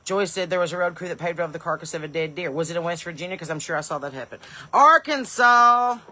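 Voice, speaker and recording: A woman comedian hosts an evening live stream from her home porch, her low, steady voice coming in rapid-fire. She greets viewers in folksy, upbeat bursts and drifts into rambling asides.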